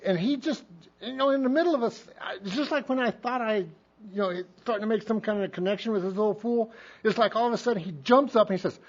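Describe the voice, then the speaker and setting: A fast-talking man with a high voice, from Montana, delivers a speaker share at a recovery meeting. His telling is folksy and he acts out quotes, captured on dull lo-fi meeting tape.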